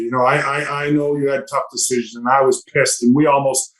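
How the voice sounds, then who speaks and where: Animated older man telling hockey stories. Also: medium pitch, a little fast, rough recording. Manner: animated anecdotes, acts out quoted voices. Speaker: podcast guest. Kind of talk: casual storytelling.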